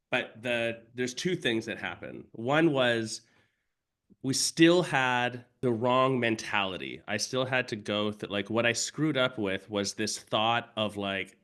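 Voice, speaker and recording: A man's voice: medium pitch, fairly bright tone. A man co-hosting a casual podcast, a yoga studio owner who talks frankly and reflectively and swears.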